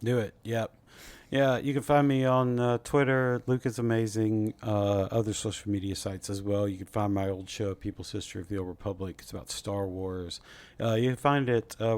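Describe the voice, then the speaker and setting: A man's voice: on the low side, fairly even intonation, normal speed, a little mellow. A man hosting a history podcast, chatting in a laid-back way with many fillers. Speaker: podcast host. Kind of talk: casual chat, show outro.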